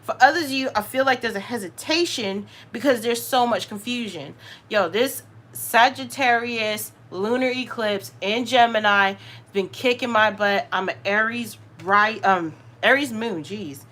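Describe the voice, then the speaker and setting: A woman with a Southern US accent, hosting a live tarot reading. She talks in an animated, slangy way, straight to her viewers. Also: fairly high pitch, measured pace. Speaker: tarot reader, channel host.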